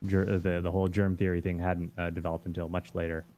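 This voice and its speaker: A man's voice: low voice, flat delivery, quick pace, dark tone. A man chatting casually as a guest, laughing as he talks. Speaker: guest artist. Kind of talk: casual chat.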